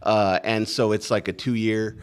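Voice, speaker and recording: A man's voice: on the low side, fairly even intonation, measured pace, clear, resonant tone. A man, a podcast guest, telling his story in a casual and rambling way, cursing a lot and leaning on "like" and "right?". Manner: profane, rambling, full of "like" and "right?".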